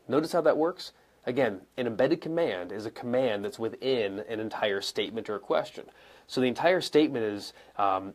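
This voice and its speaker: Man, young adult, live coaching, conversational, demonstrates with pauses and stressed words. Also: on the low side, animated. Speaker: coach and speaker answering viewer questions. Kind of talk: live-streamed teaching. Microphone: camera mic, moves around and sits back down.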